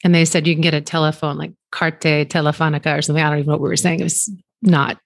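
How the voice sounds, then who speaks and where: A woman's voice: low-pitched, rapid-fire, vocal fry, no echo. A woman casually telling stories as a guest speaker, laughing often and acting out what people said. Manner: animated, laughs often, acts out quoted lines. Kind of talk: casual storytelling.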